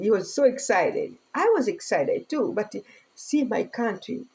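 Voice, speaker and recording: A woman's voice: fairly high pitch, expressive, unhurried, darkish tone, slightly rough, rough recording. Earnest Tanzanian-born woman vlogger. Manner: earnest, speaking broken English with laughter. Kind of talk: casual personal vlog.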